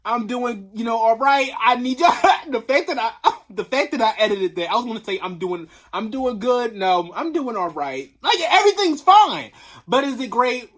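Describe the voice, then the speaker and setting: A woman's voice: a little high, animated, moderate pace, hardly any pauses. A woman venting in a casual vlog rant, sassy and rambling, talking straight to her viewers and swearing freely. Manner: bursts into loud laughing, shrieking tangents. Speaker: vlogger. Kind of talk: casual commentary rant to camera.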